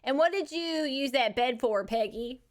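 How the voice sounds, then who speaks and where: A woman's voice: high-pitched, animated, normal speed. A woman streamer reading chat questions aloud during a live stream.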